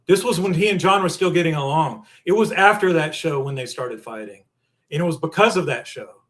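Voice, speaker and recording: A man co-hosting a podcast in casual chat, easygoing and halting, with restarts as he tells stories. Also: a little high, animated, a bit bright. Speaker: podcast co-host.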